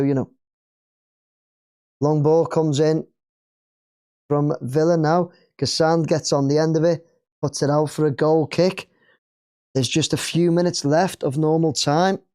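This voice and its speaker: A man's voice: on the high side, steady tone, moderate pace, pauses often, dark tone, smooth. A man with an English accent hosting a live football watch-along, chatting casually and cheering at the play.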